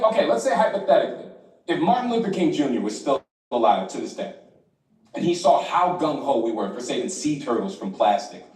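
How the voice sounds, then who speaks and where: A man from Florida performing a stand-up comedy set, acting out other people's voices and laughing between lines. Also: high voice. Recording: roomy hall, far from the mic, noisy.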